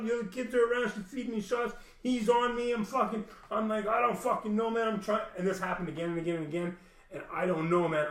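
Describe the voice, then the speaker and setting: A man telling a personal story in a rambling, profane casual monologue, full of "man". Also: high voice. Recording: echoey room.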